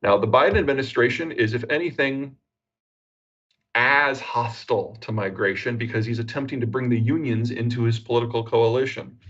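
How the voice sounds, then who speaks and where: A man with an American accent, a geopolitical analyst giving measured, analytical interview answers with frequent "uh" fillers. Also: medium pitch, fairly bright tone, highs cut off.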